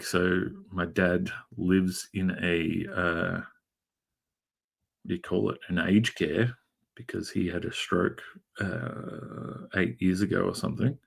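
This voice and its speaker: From a converted garage room, a middle-aged Aussie draws on stream and chats easily, rambling through jokey anecdotes laced with fillers. He talks slowly in a low, steady voice that's a bit bright, with some vocal fry.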